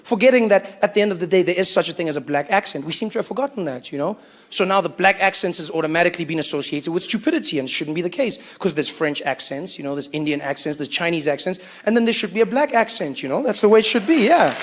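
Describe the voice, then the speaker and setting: A man's voice: high-pitched, lively intonation, fast. A man doing a stand-up set in a chatty, easygoing way, often saying "you know", on a stage mic. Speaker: stand-up comedian. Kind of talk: stand-up comedy routine. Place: comedy stage.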